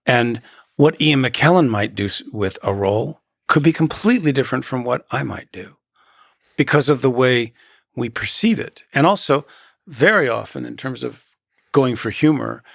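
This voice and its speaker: A man's voice: medium pitch, gravelly, a bit bright, no echo, clean studio sound. A man in his sixties, a guest actor in a conversational interview, reflective and given to anecdotes.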